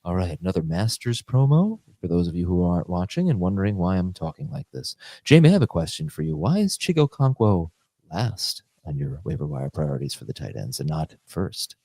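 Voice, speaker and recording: A man putting on the voice of a hushed male golf tournament announcer, murmuring softly and slowly. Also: low voice, sing-song, breathy edge, no room sound, voice pushed down, full character voice. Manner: soft, hushed, slow murmur.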